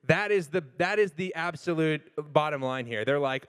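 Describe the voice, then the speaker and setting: A man's voice: fairly high pitch, lively intonation, moderate pace, hardly any pauses, clean tone. Sarcastic man doing stand-up in a hall. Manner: sarcastic, builds to a shouted punchline. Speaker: stand-up comedian. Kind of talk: stand-up comedy set.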